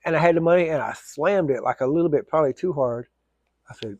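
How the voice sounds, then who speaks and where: A man's voice: fairly high pitch, animated, quick pace, a little mellow, dry recording. A man telling a casual, rambling story, full of fillers and restarts.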